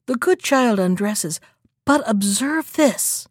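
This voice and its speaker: Expressive woman narrator for a storybook reading; fairly high voice, lively. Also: a little slow, dry recording, studio quality.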